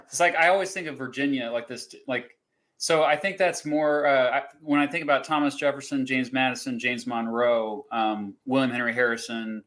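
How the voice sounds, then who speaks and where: A man's voice: mid-range voice, fairly even intonation, moderate pace, a bit bright, low-quality recording. A man hosting a casual talk show quiz, rambling with many fillers and chuckles. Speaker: podcast host running a quiz. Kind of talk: casual chat.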